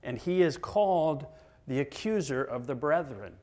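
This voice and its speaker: A middle-aged man preaches a sermon in a slightly raised register. He drives his points dramatically, leaning into loud emphasis and then sinking to near-whispers. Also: on the high side, expressive, moderate pace. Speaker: pastor.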